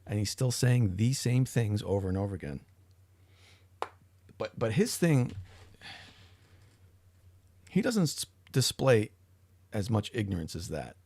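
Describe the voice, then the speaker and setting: A man's voice: fairly low pitch, sing-song, a little slow, pauses often, darkish tone. A middle-aged man hosting a livestream, chatting casually and rambling with frequent restarts and swearing. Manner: rambling, profane, self-interrupting. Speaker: livestream host.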